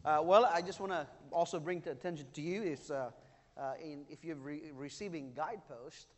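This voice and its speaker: High-voiced pastor, earnest and emphatic. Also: male voice, moderate pace. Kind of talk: sermon. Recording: long hall reverb.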